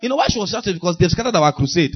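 A man preaching a sermon, telling deliverance stories with laughs and sudden shouted lines. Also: high voice, very fast, slightly rough. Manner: animated storytelling, laughing, shouting bursts. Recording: dull lo-fi recording.

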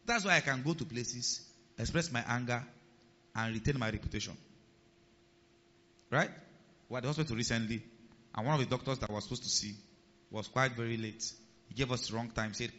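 A man preaching a sermon, animated, swinging between loud emphasis and quiet asides and asking his congregation questions. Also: mid-range voice, normal speed, long pauses. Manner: animated preaching, rising and dropping in loudness, asks the congregation questions. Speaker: pastor. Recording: reverberant hall, dull sound.

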